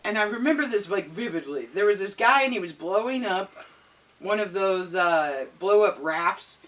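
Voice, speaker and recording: A woman's voice: mid-range voice, animated, moderate pace, fairly bright tone. A young adult woman co-hosting a casual chat, rambling with many fillers. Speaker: co-host.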